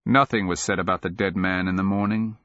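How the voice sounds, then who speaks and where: A man reading a dark fantasy story aloud in a measured, grave narration. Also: low voice, fairly even intonation, dry recording, dull audio. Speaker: audiobook narrator. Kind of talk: scripted narration.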